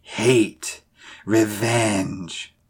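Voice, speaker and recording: A slow, hushed old voodoo man, put on by a male storyteller. He speaks wearily, as if half asleep, in a fairly low voice. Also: fairly even intonation, slightly rough, full character voice.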